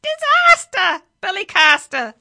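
A woman's voice: huge pitch swings, takes it slowly, creaky, sharp tone, full character voice. A woman voicing a bossy, speed-mad male parrot in a children's story, screeching her lines. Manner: shrill, screeching, pushy.

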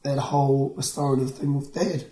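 A man hosting a casual faith conversation, encouraging and quick to affirm. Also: mid-range voice, steady tone, warm tone, reverberant, low-quality recording. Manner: encouraging, short affirmations, says "bro".

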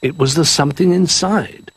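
A man reading the lines of a calm, wise old toy bear in a storybook, reassuring and gentle. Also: fairly high pitch, moderate pace, husky, no echo, pitched above the performer's own voice.

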